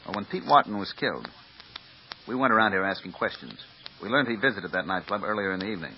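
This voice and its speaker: A brisk police lieutenant. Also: male voice, on the low side, very animated, a little hiss or hum. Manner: clipped, businesslike. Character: brisk, matter-of-fact male police lieutenant. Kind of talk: 1950s radio drama acting. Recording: dull lo-fi old radio recording.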